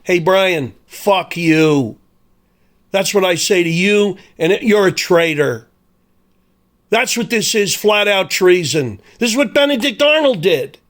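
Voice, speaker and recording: High-voiced man on a profane rant. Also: lively intonation, a little slow, a bit bright. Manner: profane, sarcastic, heated. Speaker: sports commentator. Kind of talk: angry ranting commentary.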